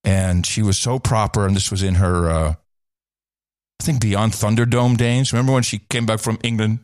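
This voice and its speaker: Recorded with studio quality and no echo, a middle-aged former radio and TV host now doing a podcast recounts a story casually. He has a lowish, steady voice at moderate speed, and he rambles, frequently restarts his sentences, and laughs occasionally.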